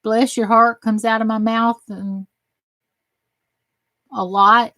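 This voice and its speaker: A slightly high, sharp-toned woman with a Southern US accent takes it slowly and keeps a level tone. As host of a crafting livestream, she reads comments aloud and chats in a folksy, self-deprecating style. There's no room sound.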